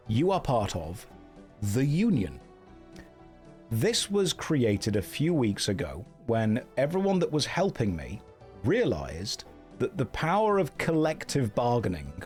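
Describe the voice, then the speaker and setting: Male streamer, dry joking commentary, lively pitch, faint music behind. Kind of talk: casual game commentary.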